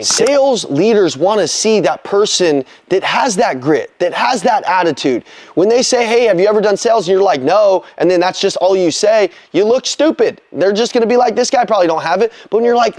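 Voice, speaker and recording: A man's voice: fairly high pitch, a little mellow, dry recording. A man giving a blunt, slangy motivational talk as a sales coach, pushing hard with emphatic repetition.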